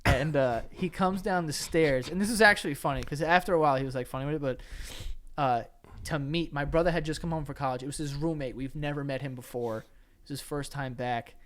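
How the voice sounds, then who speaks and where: Animated, higher-voiced young man telling stories. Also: a little fast. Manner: animated storyteller, laughs often, acts out voices. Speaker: podcast co-host. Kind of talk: casual storytelling chat.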